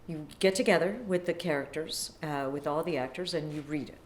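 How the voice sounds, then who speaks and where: A woman's voice: low voice, brisk, hardly any pauses. A woman explaining stage practice in an instructive way. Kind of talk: interview explanation. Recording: echoey room, faint noise.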